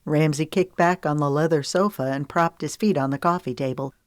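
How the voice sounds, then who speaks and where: A woman narrating an audiobook in an even, measured storytelling manner. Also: sits low, no room sound, clean studio sound.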